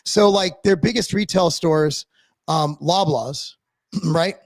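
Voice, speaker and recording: A podcast co-host with a fairly high voice, recorded with no echo, chats casually on a live-stream talk show. His rant is blunt and full of swearing, rushing along with lots of false starts.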